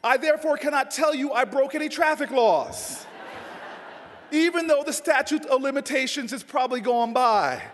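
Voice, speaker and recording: A man with a very high voice tells a comic story at a political dinner, animated and often shouting. His voice rings through a big hall with long reverb. Faint noise sits underneath. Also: moderate pace. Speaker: politician giving a dinner speech. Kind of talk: humorous storytelling speech.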